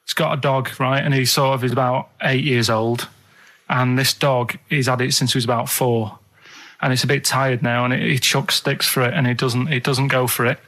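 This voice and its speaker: A man's voice: mid-range voice, little pitch movement, fairly bright tone. Guy on studio radio chat, rambly, keeps restarting his sentences. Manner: rambling, halting storytelling with many restarts. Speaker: radio show regular.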